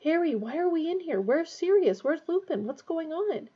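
A woman's voice: extremely high pitch, animated, normal speed, lo-fi sound, pitched above the performer's own voice. A woman voicing a dazed teenage boy who groans in confusion. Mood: groggy. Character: dazed teenage schoolboy just waking.

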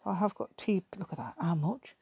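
A woman's voice: medium pitch, brisk, dark tone, slightly rough, dry recording. A middle-aged woman with an English accent chats casually while crafting at her table, rambling, thinking aloud and often laughing. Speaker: craft vlogger. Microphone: camera on the table.

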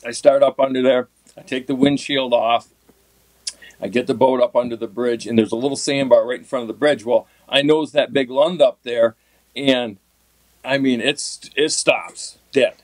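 A middle-aged man casually telling a long story as a podcast guest, animated and laughing now and then. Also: mid-range voice, moderate pace, no echo. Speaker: podcast guest, tournament fishing pro.

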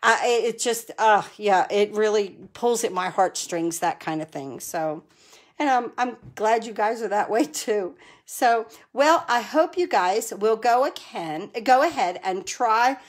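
A woman's voice: mid-range voice, animated, slow pace. A chatty middle-aged woman hosting a casual live stream from her home crafting corner. She laughs often and answers viewers by name.

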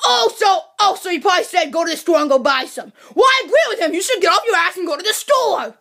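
A woman voicing a lazy, grumpy koopa king father who talks gruffly and bossily, in a comedy puppet skit. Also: extremely high pitch, animated, fast talker, a bit bright, exaggerated voice. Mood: grumpy bossy. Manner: gruff, bossy.

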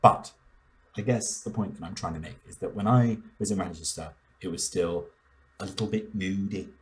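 A young man doing a stand-up comedy bit, playful and mock-indignant, breaking into sudden loud outbursts. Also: deep voice, moderate pace. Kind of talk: animated stand-up monologue.

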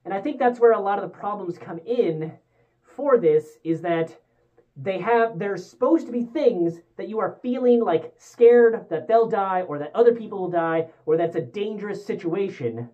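A woman's voice: mid-range voice, normal speed, phone-quality sound. A young woman giving a casual movie review, rambling and candid with many fillers and restarts. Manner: rambling and candid, with frequent fillers and self-corrections.

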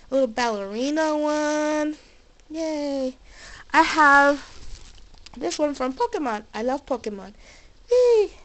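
A woman's voice: high voice, low-quality recording. A young woman showing off her collection in her bedroom in a casual vlog, bubbly and gushing with little cheers, a bit out of breath and sick. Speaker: vlogger. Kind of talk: casual show-and-tell vlog. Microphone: camera mic, moving handheld.

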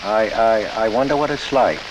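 An actor playing a shy, lonely middle-aged cashier who stammers and hesitates, in a 1940s film. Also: male voice, lowish voice, moderate pace, close to an everyday voice. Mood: bashful. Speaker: timid cashier. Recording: old film audio with noise.

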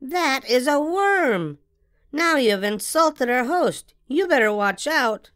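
Woman reading as a little girl, excitable, theatrical, very high, dry close sound. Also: slow pace, clear, resonant tone, dry recording, heavily acted. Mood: playful. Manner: theatrical, sing-song and dramatic.

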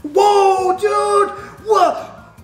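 A woman voicing a shrill young viewer who whines in disbelief that the recipe is not like mom's. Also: fairly even intonation, very slow, reverberant, soft background music, heavily acted. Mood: indignant. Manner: whiny, squealing disbelief.

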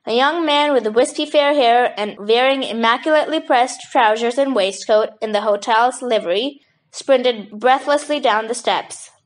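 A woman narrating a children's mystery audiobook in a steady, clear reading. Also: on the high side, moderate pace. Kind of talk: scripted storybook narration.

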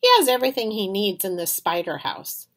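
A woman's voice: mid-range voice, fairly quick. A woman reading aloud, voicing a brash, boastful third-grade boy in a storybook. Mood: eager. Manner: cocky, lively.

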